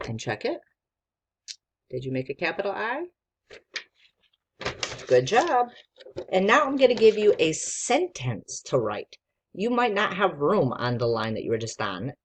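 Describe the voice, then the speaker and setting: A woman's voice: fairly low pitch, very animated, unhurried, long pauses, slight background noise. A woman teacher giving a patient, encouraging spelling lesson to young children and sounding out letters.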